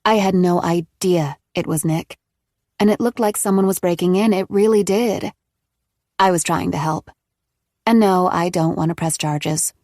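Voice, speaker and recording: A woman voicing a scheming, manipulative woman who speaks low and measured in an audiobook. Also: darkish tone, no echo, studio quality. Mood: cold. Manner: low, measured, coolly defiant.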